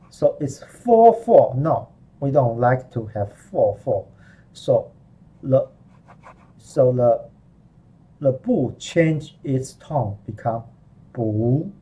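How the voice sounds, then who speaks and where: A man teaching a live online lesson in English, explaining slowly and repeating himself with frequent "okay"s. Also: mid-range voice, mellow, breathy edge. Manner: slow, repetitive explaining with frequent "okay" and restarts. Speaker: Mandarin teacher.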